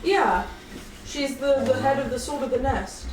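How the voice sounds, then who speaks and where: A woman's voice: sits high, a little slow, darkish tone. A woman running a tabletop game, explaining its lore casually and searching for words as she goes. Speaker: game master. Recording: distant echoey mic with crowd noise behind.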